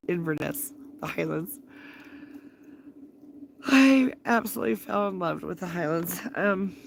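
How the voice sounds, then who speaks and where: Slow, gravelly middle-aged woman by a campfire. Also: lowish voice, slight background noise. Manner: rambling, laughs often mid-sentence. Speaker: livestreamer. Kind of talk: casual storytelling. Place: outdoors at a campfire at night. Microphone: phone live stream.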